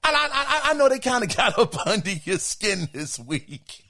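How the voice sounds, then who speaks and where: Middle-aged guy hosting a podcast, loud and emphatic, voice swings all over, bright edgy tone. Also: sits high, normal speed. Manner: animated, emphatic, exclaiming. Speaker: podcast host reading listener emails. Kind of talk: casual podcast commentary.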